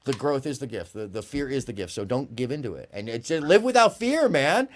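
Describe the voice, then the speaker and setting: A man tells a story to a panel in a casual, rambling way, his pitch rising and falling with lively animation. He stumbles and restarts often. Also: brisk. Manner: animated, full of fillers.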